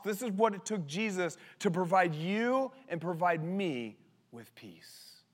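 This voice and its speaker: High-voiced impassioned male preacher. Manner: impassioned preaching, swinging from loud to hushed. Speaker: pastor. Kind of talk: sermon. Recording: long hall reverb.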